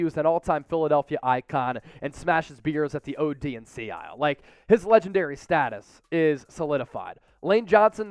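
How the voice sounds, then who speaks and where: Upbeat high-voiced sports host. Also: male voice, no room sound. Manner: upbeat, opinionated, rattles off stats. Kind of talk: energetic sports commentary.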